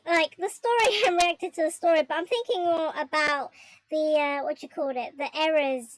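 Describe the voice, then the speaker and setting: A young woman streaming, reading her own visual novel aloud and reacting with excited, self-critical chatter. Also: high-pitched, no echo, low-quality recording. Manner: excitable, gushing and self-critical, laughs often. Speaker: streamer and game developer.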